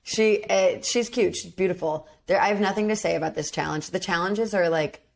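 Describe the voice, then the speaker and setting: A woman's voice: fairly low pitch, fairly quick, gravelly. A woman co-hosting a podcast, chatting casually and bluntly, with lots of "like". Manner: blunt, opinionated, says "like" often. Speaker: podcast co-host. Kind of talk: casual chat.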